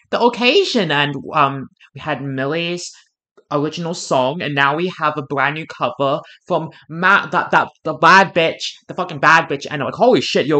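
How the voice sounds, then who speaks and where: A woman hosting a reaction video, talking casually with lots of swearing, fillers and restarts. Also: low-pitched. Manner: excitable, swears a lot, many fillers and restarts.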